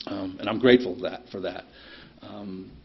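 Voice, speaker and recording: A middle-aged man speaks in a somewhat low, husky voice, sharing his story at a recovery meeting. His talk is plainspoken and blunt, full of ums and the odd curse. The meeting-room recording sounds dull and lo-fi. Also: moderate pace. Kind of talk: personal recovery share.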